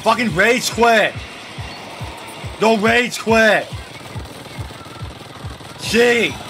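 Raging, high-voiced young man gamer. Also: extremely slow, soft background music. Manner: loud, cursing, raging trash talk. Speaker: gaming streamer. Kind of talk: gameplay commentary.

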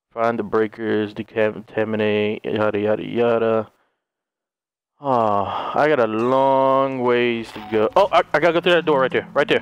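A man playing a horror game and commenting live, swearing, shouting in panic, repeating himself and laughing. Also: medium pitch. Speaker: let's play gamer. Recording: loud game music and effects behind.

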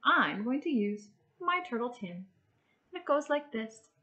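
A woman with a Canadian accent, a children's librarian, reading a picture book, singing a rhyme and leading a game in a slow, sing-song storytime voice. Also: high-pitched, lively intonation, sharp tone, dull audio.

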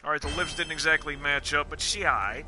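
Brisk and fairly high-pitched, the man live-streams a video game with game music behind him. He keeps the let's play commentary casual, joking, swearing and thinking aloud as he goes.

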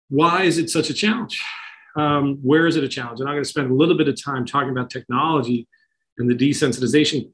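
Speaking at a parent talk on children and technology, this middle-aged man keeps things conversational, stumbling through fillers and starting over often. The pitch is medium; the audio quality is rough.

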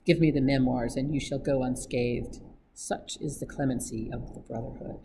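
A woman gives voice to a guttural stage villain from a secret brotherhood, slow and threatening. The voice is low and the pace drawn out. Steady noise sits under it. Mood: menacing. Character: menacing foreign man, secret-society villain.

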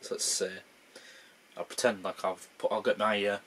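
A man's voice: fairly low pitch, flat delivery, normal speed, fairly bright tone, a little hiss or hum. A young man thinking aloud in casual gameplay commentary, rambling and poking fun at himself. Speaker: gaming channel host.

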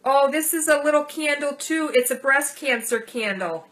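Bright-voiced woman gushing over gifts. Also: high-pitched, expressive, normal speed, poor audio. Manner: gushing, warm thanks over small gifts. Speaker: channel host. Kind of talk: casual gift-unboxing vlog.

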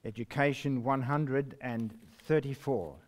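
A man preaching a sermon, reading scripture slowly and emphatically, with sudden rises and drops in his voice. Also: mid-range voice, darkish tone. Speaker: pastor.

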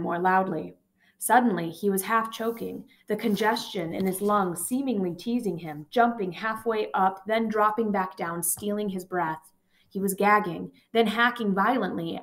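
A woman reading a memoir aloud in a steady, measured, calm voice. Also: medium pitch. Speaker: audiobook reader. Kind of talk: amateur audiobook reading.

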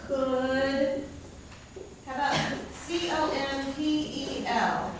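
Captured from the rear of a classroom, a high-voiced woman sounds far away and strongly reverberant as she lectures over a steady background hum. She takes her time, going over each word again and pausing to check in with the class.

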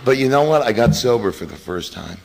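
A middle-aged man sharing his recovery story at a meeting, animated and storytelling, acting out quotes with laughs. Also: mid-range voice, a little fast, creaky. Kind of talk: personal recovery talk at a meeting. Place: meeting hall. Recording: reverberant hall recording, faint noise.

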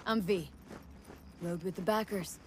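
An actress voicing a blunt, wry young female mercenary in a video game, speaking in a low, clipped way. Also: a little slow, lightly acted. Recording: game audio under noise.

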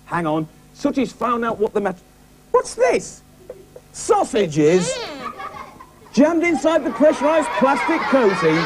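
A man presenting a children's puppet show, chatting excitedly with the puppets. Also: extremely high pitch, noisy background.

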